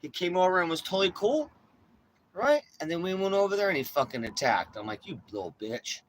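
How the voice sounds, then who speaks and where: A man's voice: high voice, very animated, brisk, a little hiss or hum. Young man, casual vlog chat, rambling, swears a lot, outdoors on the street. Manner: rambling, profane storytelling. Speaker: vlogger. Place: outdoors on a city street with his dog.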